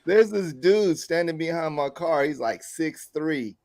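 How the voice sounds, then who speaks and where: Animated storytelling man with a high-ish voice. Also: measured pace. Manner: animated storyteller who acts out quoted people. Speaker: podcast co-host. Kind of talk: casual chat, storytelling.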